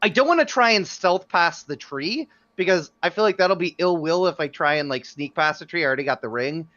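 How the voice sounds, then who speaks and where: A man's voice: fairly high pitch, expressive, fairly quick, a bit bright, dry recording. A man playing a tabletop game, talking casually and stumbling over his words. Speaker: player. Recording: dull lo-fi mic.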